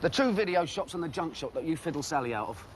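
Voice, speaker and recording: Man doing a cockney con man, high voice, rapid patter, cheeky, combative, TV drama. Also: animated, a little hiss or hum, natural voice. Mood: bargaining. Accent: London Cockney. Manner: cheeky, fast-talking, trading insults. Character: brash London con man, quick-tongued and combative. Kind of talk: TV drama acting.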